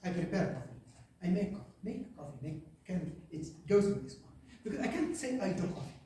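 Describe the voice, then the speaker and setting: A man's voice: sits high, sing-song, warm tone, a little hiss or hum. Guy teaching english class, lots of uhs and right?, far off mic in a super echoey room. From Algeria. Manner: halting, many fillers, checks in with "right?". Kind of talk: classroom lesson.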